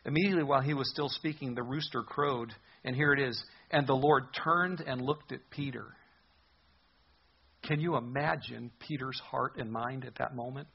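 Pastor guy preaching, earnest and chatty, raspy gravelly voice. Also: mid-range voice, normal speed, muffled recording. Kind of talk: sermon.

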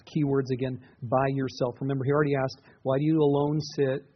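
Heard through a dull, muffled lo-fi recording, a middle-aged pastor preaches with earnest, conversational warmth, often restarting sentences. His husky voice is medium-pitched, fairly even in intonation, at normal speed.

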